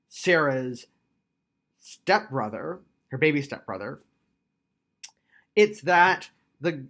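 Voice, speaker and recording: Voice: medium pitch, sharp tone. A tabletop game reviewer giving a casual video review, chatty and explanatory with frequent fillers.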